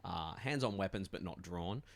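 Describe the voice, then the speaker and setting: A man with a very low, gravelly voice narrates as game master of a tabletop role-playing game. He talks in a loose, easygoing way, full of fillers and restarts. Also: moderate pace. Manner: relaxed narration with many fillers, jumps into character voices.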